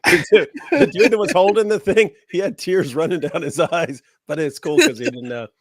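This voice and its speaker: A man's voice: fairly high pitch, normal speed, no echo, clean studio sound. A man co-hosting a stream, reacting to clips in casual chat with a mocking, amused manner. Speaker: stream co-host.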